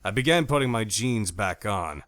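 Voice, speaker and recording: A man narrating a first-person audiobook in an expressive, animated reading style on a close studio mic. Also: lowish voice, moderate pace, no room sound.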